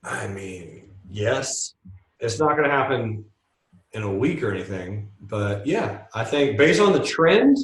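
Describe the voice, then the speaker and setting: A man's voice: medium pitch, very animated, measured pace, roomy sound, distant mic, rough recording. A man hosting a stock trading show, chatting casually and joking as he answers viewer questions. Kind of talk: casual livestream market commentary.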